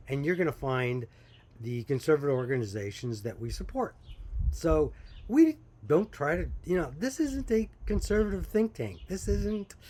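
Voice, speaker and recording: With a slightly mellow voice that leans high, a man who runs a small coffee business tells his story to the camera. His manner is folksy and talkative, broken up by occasional chuckles.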